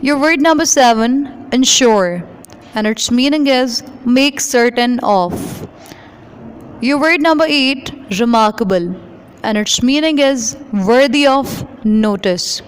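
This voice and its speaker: A woman teacher, speaking in a fairly high voice. She reads a lesson aloud and explains new words in a measured, instructive way, speaking straight to her students. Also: clean tone, rough recording. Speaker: English teacher. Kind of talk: reading a story aloud and explaining vocabulary.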